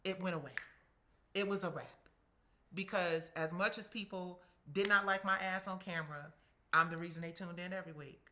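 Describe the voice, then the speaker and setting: A middle-aged woman telling a story as an interview guest, animated and blunt, acting out what others said. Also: on the low side, normal speed, slight background noise. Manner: animated, quotes people in acted voices, swears freely.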